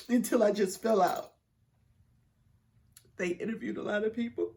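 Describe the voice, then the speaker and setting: A woman's voice: medium pitch, measured pace, vocal fry, pauses often, a little mellow. Blunt woman telling her story. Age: middle-aged. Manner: candid, blunt, swears freely. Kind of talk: emotional personal storytelling.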